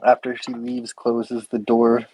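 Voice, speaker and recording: A man's voice: mid-range voice, completely flat delivery, takes it slowly, a little mellow, a little hiss or hum, low-quality recording. A man playing a tabletop game, hesitant and thinking aloud. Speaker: player.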